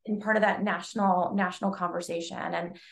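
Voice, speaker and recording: Woman in her 40s, kinda gravelly fry in her voice, earnest, lots of ums and restarts. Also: fairly low pitch, steady tone, brisk. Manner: earnest, many fillers and restarts. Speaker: guest, nonprofit leader. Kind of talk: conversational interview.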